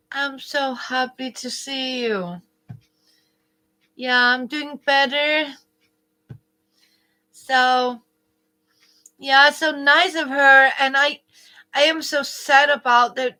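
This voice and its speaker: A woman hosting a casual home craft livestream, chatting with viewers in a rambling way with many restarts and soft whispered asides. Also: high-pitched, steady tone, extremely slow, long pauses. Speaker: quilting livestream host. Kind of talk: casual live chat with viewers. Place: indoors at home, living room.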